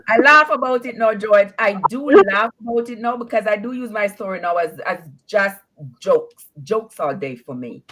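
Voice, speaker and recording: Animated woman caller recounting her story, lively pitch, laughs a lot and acts out voices. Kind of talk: telling a personal story on a call-in show.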